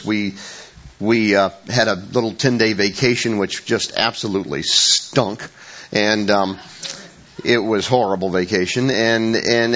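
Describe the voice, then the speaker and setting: A man's voice: low-pitched, fairly bright tone. An older man preaching a conversational sermon in a church. He rambles through stories with many restarts and self-corrections, with wry, self-mocking humor. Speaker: pastor. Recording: dull lo-fi recording.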